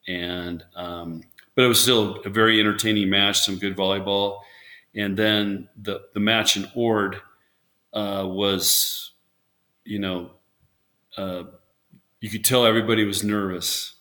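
A man's voice: on the low side, little pitch movement, unhurried, pushed and bright. A man, a former volleyball coach, chatting casually in an interview and telling rambling stories with lots of restarts. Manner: rambling storyteller, many restarts, acts out quotes.

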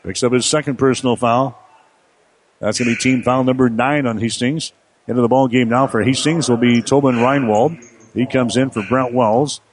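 A man calling college basketball play-by-play in a rapid running commentary that lifts on big plays. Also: medium pitch, steady tone. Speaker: play-by-play announcer.

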